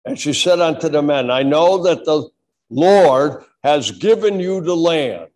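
A middle-aged male pastor preaching a sermon with fervor, dropping low and then shouting. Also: lively intonation, a little slow. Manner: fervent preaching that swings from quiet to shouting.

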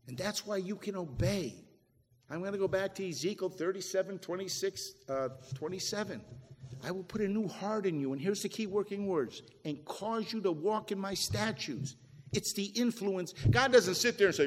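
A man with a high voice preaches a sermon, pushing some phrases hard and letting others fall quiet as he quotes scripture. His voice carries a long reverb, as from a large hall. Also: lively intonation, normal speed. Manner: preaching with rising and falling emphasis, quoting scripture. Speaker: pastor.

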